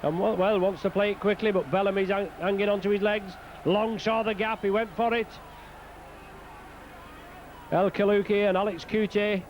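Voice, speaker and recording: A man giving live play-by-play commentary on a rugby league match outdoors, calling out player names in quick bursts and lifting his voice at scoring moments. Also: sits high, steady tone, slight background noise.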